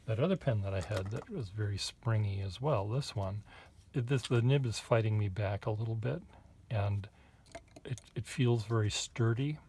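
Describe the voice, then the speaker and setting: Give me a man with a lowish voice, rambling and hesitant as he chats while drawing at his desk, with faint pen scratching behind him. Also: normal speed, dark tone, slight background noise. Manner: rambling, hesitant, wry asides to viewer. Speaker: artist reviewing pens. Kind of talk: casual chat while drawing.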